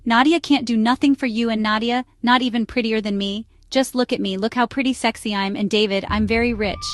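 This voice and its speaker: A woman's voice: on the high side, steady tone, fairly quick, slight background noise, close to an everyday voice. A woman voicing a rich, jealous young woman who is possessive and scheming, speaking in broken grammar. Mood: pleading, boastful. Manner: pleading then threatening, broken grammar.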